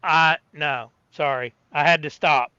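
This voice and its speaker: Casting: higher, bright, smooth male voice, dry lo-fi recording. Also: steady tone, unhurried, dry recording. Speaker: podcast guest or co-host. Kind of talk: casual chat. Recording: dry, somewhat dull lo-fi.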